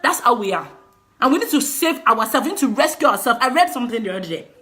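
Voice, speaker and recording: A woman's voice: a little high, big pitch swings, fast, a bit bright. A woman with a Nigerian accent talking straight to her viewers in a passionate, scolding rant, often laughing through her words. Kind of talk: passionate direct-to-camera rant.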